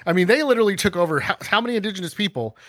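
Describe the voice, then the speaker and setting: A podcast host, a man with a slightly high, very lively voice, talks through history in a loose, ranting way. He keeps slipping into little acted-out scenes. His voice sounds dry and close. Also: racing, dry recording. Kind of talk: casual history discussion with comic asides.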